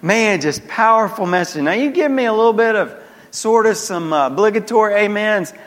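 A Southern man preaching to his congregation, pitched high for a man and prodding the room for amens. His voice rings out in a church sanctuary with a long, trailing reverb. He delivers it as an animated sermon in call-and-response. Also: normal speed. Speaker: pastor.

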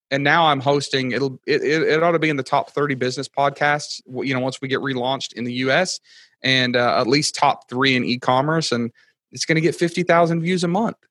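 An excitable man in his thirties chatting on a podcast, rambling from one story to the next. His voice sits in the middle of the range. The sound is dry and close, with no room echo. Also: mid-range voice. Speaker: podcast guest. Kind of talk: casual storytelling chat.

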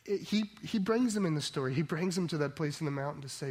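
Man preaching with a higher voice. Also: lively intonation, fast talker, few pauses, darkish tone, husky. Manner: storytelling that builds to emphatic preaching. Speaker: pastor. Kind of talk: sermon.

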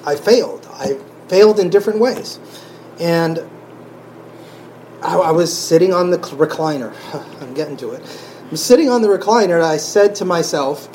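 Guy telling his faith story, halting and emotional, lots of restarts, bit of faint background noise. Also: a little high, lively intonation, a little mellow, rough recording. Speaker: church member sharing testimony. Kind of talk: personal faith testimony.

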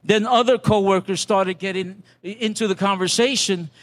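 A man's voice: sits high, fairly even intonation, moderate pace. An older man, a pastor, preaching a sermon as a conversational testimony, with restarts and acted-out quotes.

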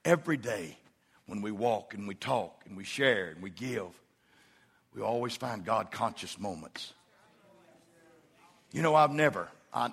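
A middle-aged man preaching a sermon, with folksy storytelling that swells into loud, emphatic preaching. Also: on the low side, husky. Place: church sanctuary.

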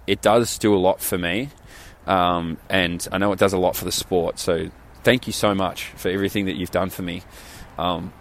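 Candid rambling Australian man. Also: low voice. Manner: rambling, candid, swears casually. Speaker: podcaster. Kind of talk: solo podcast chat.

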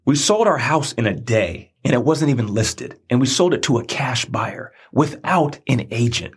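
A man telling a personal story in a preachy monologue, animated, swinging between hushed and excited. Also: mid-range voice, moderate pace, hardly any pauses, slightly rough.

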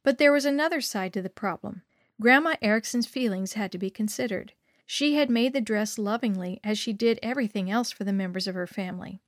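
A woman reading a story aloud in scripted narration, measured and expressive. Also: mid-range voice, no echo, studio quality.

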